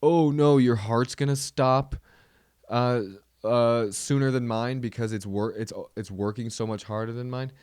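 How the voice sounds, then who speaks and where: A man's voice: mid-range voice, fairly even intonation, unhurried, darkish tone, clear, resonant tone, no room sound, studio quality, lightly acted. A man putting on a mocking, whiny impression of a boastful tall man who pities himself for his height. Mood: self-pitying.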